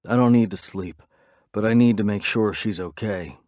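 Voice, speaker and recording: A man's voice: fairly low pitch, moderate pace, a little mellow, dry recording, studio quality. A man narrating a romance audiobook in the first person, with a brooding, intense delivery.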